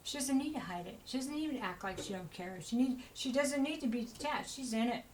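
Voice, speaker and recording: A woman's voice: a little high, expressive, brisk, a little hiss or hum, poor audio. A woman giving a casual spoken tarot reading, chatty and rambling, with many asides to the listener and an encouraging tone. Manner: chatty, rambling, full of "you know" asides; encouraging, talks straight to the listener. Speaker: tarot reader.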